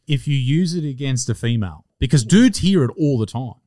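A man's voice: medium pitch, lively intonation, fairly quick, dark tone, dry recording, clean studio sound. An Australian man in his twenties, a stand-up comic telling rambling stories in casual chat and swearing constantly. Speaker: stand-up comedian and podcast guest.

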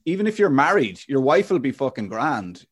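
A man's voice: medium pitch, big pitch swings, moderate pace, husky. An Irish man in his forties hosting a podcast, talking in a reflective, frank way with casual swearing. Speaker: podcast host. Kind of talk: candid podcast chat.

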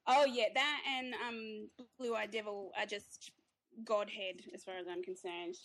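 A woman's voice: mid-range voice, steady tone, measured pace. An Australian woman, a guest author, chatting casually in an interview, laughing easily and restarting her sentences often.

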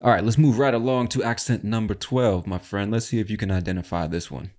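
A man's voice: on the low side, fairly even intonation, fairly quick, darkish tone. A man hosting a casual English-learning podcast in a laid-back, chatty way, swearing now and then. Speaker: podcast host, English teacher.

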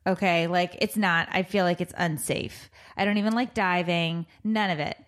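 A woman in her thirties co-hosting a casual chat show, telling a story about her kids with lively energy and raising her voice when she acts out what she said. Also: fairly low pitch, normal speed. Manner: animated, loud when quoting herself. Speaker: podcast co-host, mother.

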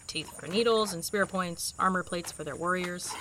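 A woman's voice: fairly low pitch, normal speed, pushed and bright, slight background noise, low-quality recording. A woman playing a brash, impatient young explorer who talks bluntly, swears and uses dry sarcasm in an audio drama. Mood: matter-of-fact.

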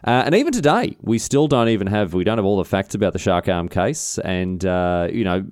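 A man's voice: sits low, animated, brisk, a little mellow, smooth, dry recording, clean studio sound. A man with an Australian accent hosting a podcast, telling a story in a rambling, cheeky, jokey way with mock rants. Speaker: podcast host. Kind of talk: casual storytelling monologue.

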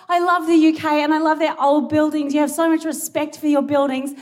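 A young Australian woman with an Australian accent doing live stand-up comedy on a big theatre stage, excitable and giggly, poking fun at herself. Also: high voice, a little fast. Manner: excitable, giggly and self-deprecating. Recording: live theatre recording with crowd noise. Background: audience laughing and cheering.

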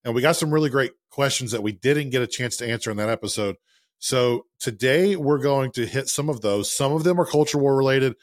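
A man in his thirties co-hosting a podcast, chatting in a relaxed, self-deprecating way. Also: medium pitch, a little fast, dry recording, clean studio sound. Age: 30s. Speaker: podcast co-host. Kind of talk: casual podcast chat.

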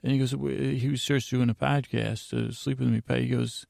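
A man's voice: mid-range voice, level tone, moderate pace, vocal fry, darkish tone, no room sound, clean studio sound. A man hosting a sleep podcast, recapping a story in a rambling, meandering, drowsy way. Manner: droning, meandering, drowsy delivery. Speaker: podcast host.

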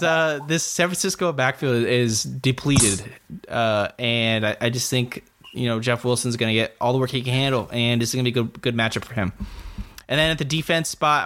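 A man's voice: mid-range voice, brisk. A man hosting a podcast, chatting casually about football picks with plenty of fillers and laughter. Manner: relaxed, laughs often, many fillers. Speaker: podcast host. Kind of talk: casual sports betting chat.

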